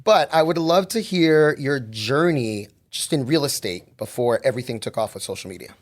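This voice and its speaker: A man's voice: medium pitch, lively intonation, moderate pace. Enthusiastic male podcast host. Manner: enthusiastic, lots of "you know" fillers. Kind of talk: interview introduction.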